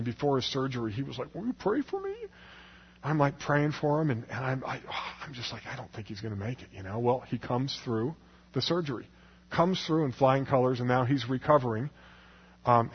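A man's voice: fairly high pitch, breathy edge. A man preaching a humorous personal testimony to a congregation, telling his story with frequent chuckles and self-mocking asides. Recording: echoey hall, dull lo-fi sound.

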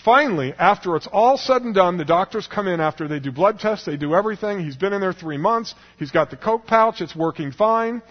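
Male preacher, fairly high and husky, telling a self-mocking story with chuckles; recorded dull in a reverberant church hall. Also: animated, fairly quick, few pauses. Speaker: preacher giving a testimony. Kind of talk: humorous personal testimony to a congregation. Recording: echoey hall, dull lo-fi sound.

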